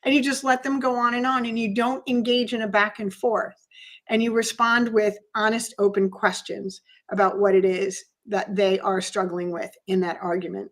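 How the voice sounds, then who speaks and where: A woman's voice: mid-range voice, little pitch movement, normal speed. A woman hosting a podcast, explaining a point steadily in a teaching way that repeats its key ideas. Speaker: podcast host. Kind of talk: calm explanatory talk.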